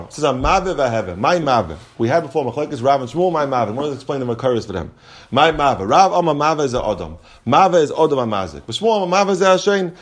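Talmud teacher with a singsong. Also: male voice, a little high. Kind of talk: Talmud class lecture.

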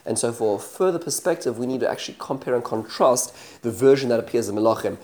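Guy doing a daily bible study, explains stuff, asks rhetorical questions, mid pitch voice. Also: expressive, quick pace, darkish tone. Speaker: Bible teacher. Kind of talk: daily scripture study lesson.

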